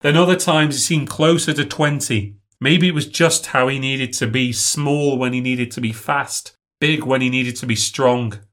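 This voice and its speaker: A man's voice: mid-range voice, normal speed, few pauses, a bit bright. Male narrator for a spoken ghost story; emotional first-person delivery that swells with the drama.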